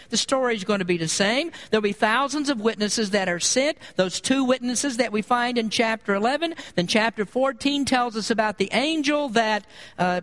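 Guy preaching a sermon, pretty high voice, gets loud and insistent, big echoey church. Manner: emphatic, rising to loud peaks on repeated phrases. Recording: long hall reverb.

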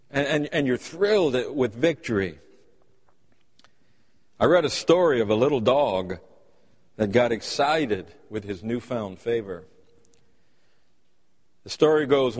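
A man preaches a sermon in a church sanctuary, his voice carrying a long hall reverb. He speaks at a middle pitch and tells folksy stories, acting out the quotes in them. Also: darkish tone. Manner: folksy storytelling with acted-out quotes.

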